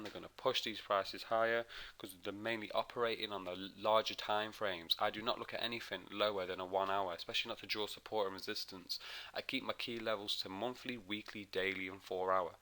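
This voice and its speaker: Bright-sounding uk guy chatting through forex charts, kinda low voice, hums while he clicks. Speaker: forex trading educator. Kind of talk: casual screen-share chart walkthrough.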